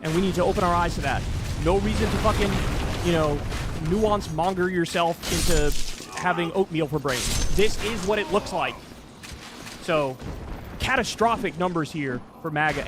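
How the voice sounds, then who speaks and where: A man's voice: sits high, moderate pace, background noise. A man ranting as a political commentator, impassioned, emphatic and profane. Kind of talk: online political rant. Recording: loud background music. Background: loud music.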